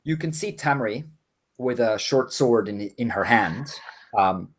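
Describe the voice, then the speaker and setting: A man narrating as game master of a tabletop game, unhurried and full of pauses and fillers. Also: mid-range voice. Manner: relaxed narration with frequent um and uh.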